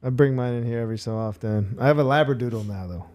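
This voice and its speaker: A male host with an ordinary mid-pitched voice keeps a casual conversation going. He speaks in an easygoing, encouraging way, dropping short agreements and affirmations. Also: fast talker, a little mellow. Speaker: podcast host. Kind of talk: casual chat.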